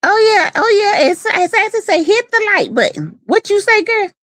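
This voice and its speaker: A woman's voice: extremely high pitch, sing-song, moderate pace, fairly bright tone, no room sound, studio quality. A woman in casual live-stream chat, sassy and playful, teasing and greeting viewers by name.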